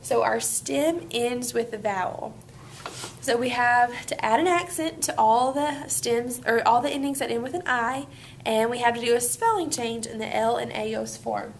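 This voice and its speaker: A Spanish teacher walks her students step by step through a grammar lesson, upbeat and encouraging, at normal speed. Her voice is a little high, with gravelly fry at the ends of phrases, and faint background noise runs under the recording.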